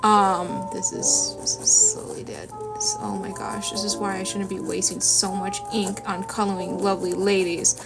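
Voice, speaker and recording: Over a lofi backdrop, a female art streamer draws and chats aimlessly with viewers, her nose running and sniffly. The voice is gravelly and medium-pitched, moving at a moderate pace, and she keeps rambling with self-deprecating asides.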